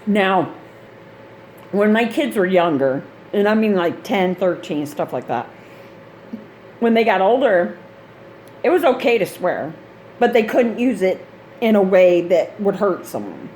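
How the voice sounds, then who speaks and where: A woman's voice: mid-range voice, big pitch swings, unhurried, long pauses, a little mellow, slight background noise. A woman, a mother of grown kids, chatting in a rambling, casual vlog style about gaming gear, laughing often. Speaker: gaming channel host.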